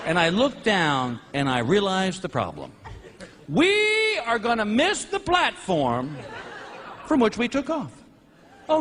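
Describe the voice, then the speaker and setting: A middle-aged man performing stand-up comedy on stage, telling a story and acting out characters with shouted, high yelps. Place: comedy stage before a live audience. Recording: live show with crowd laughter and noise.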